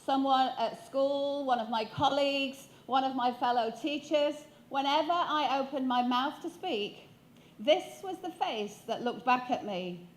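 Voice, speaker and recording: A woman's voice: high voice, measured pace. A woman in her fifties with a Yorkshire accent, giving a motivational storytelling talk on stage, humorous and playful, asking the audience questions. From England. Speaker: keynote speaker.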